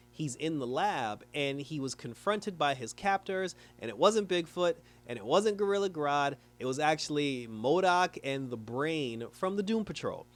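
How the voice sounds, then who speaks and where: Young male reviewer, casual recap, lively, acts out the characters, laughs often. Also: on the high side. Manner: animated, retells scenes acting out the characters, laughs often. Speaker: reviewer of a cartoon episode.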